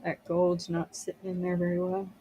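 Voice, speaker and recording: A woman's voice: on the low side, completely flat delivery, normal speed, mellow, breathy edge, dull audio. Female host, easygoing, brief replies, casual painting livestream. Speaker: host of a painting chat show.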